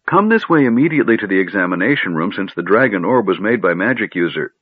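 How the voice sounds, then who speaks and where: A man voicing an excitable, fussy male gnome who talks in rapid, eager bursts, recorded on a narrow phone-like line. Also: lowish voice, husky, no room sound. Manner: rapid, eager, runs words together.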